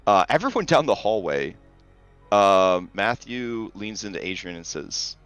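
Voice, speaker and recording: A man with a low but bright, forceful voice narrates a tabletop horror game. He describes scenes plainly and shifts easily into banter, with faint music playing behind him. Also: very animated, unhurried, smooth, highs cut off. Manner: descriptive, slips into character voices. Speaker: game master.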